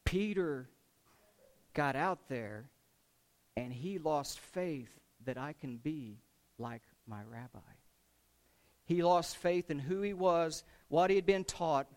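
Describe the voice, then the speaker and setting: A man preaching a sermon, retelling a scripture story with lively swings between loud dramatic lines and low, quiet emphasis. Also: slow pace, pauses often.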